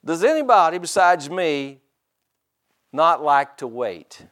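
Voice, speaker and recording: Middle-aged preacher guy, lively up-and-down voice, kinda high, drags out the big lines. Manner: animated preaching, drawn-out emphatic scripture quotes, asides to the congregation. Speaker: pastor. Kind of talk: sermon.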